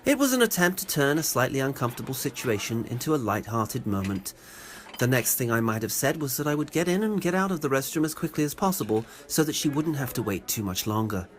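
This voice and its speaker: A man's voice: mid-range voice, big pitch swings, quick pace. A man with an English accent narrating a comic personal story in a wry, sarcastic way. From England.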